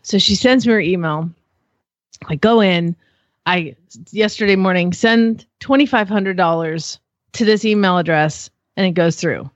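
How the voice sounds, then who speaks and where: A woman, co-hosting a podcast and telling a story in a casual, animated way, acting out the people she quotes. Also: measured pace, dry recording, lo-fi sound. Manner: animated storyteller who acts out quotes in exaggerated high voices. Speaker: podcast co-host.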